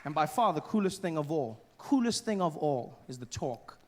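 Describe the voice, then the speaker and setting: High-voiced man doing stand-up. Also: moderate pace, big-room sound, background noise. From Africa. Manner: animated, mimics voices and laughs. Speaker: stand-up comedian. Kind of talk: stand-up comedy. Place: comedy stage. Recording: live show with loud crowd. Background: audience laughter.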